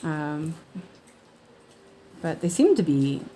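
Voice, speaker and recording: A woman's voice: low voice, very animated, drawn-out words, dark tone, a little hiss or hum. A woman hosting a cross-stitch livestream, chatting casually and rambling with many fillers and restarts. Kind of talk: casual chat while stitching.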